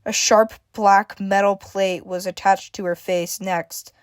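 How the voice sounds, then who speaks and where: A woman's voice: medium pitch, level tone, takes it slowly, no echo, studio quality. A woman reading a scripted story aloud as narrator. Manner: reads dialogue with shifting emphasis, stammers for a frightened character.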